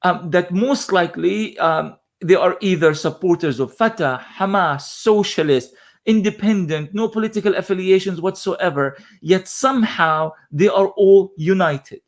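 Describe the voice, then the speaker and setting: A man with a fairly high voice commenting live on breaking news footage. He speaks with passion, stacks repeated phrases for emphasis, and often pauses on fillers. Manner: impassioned, repetitive emphasis with many fillers.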